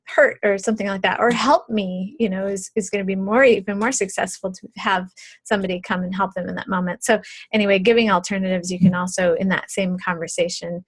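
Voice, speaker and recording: A middle-aged woman, an early childhood educator, walks parents through a video tutorial step by step. She talks in a relaxed, conversational way, with plenty of ums and small restarts. Her voice sits at an everyday middle pitch and sounds close and dry, with no room around it. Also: dry recording.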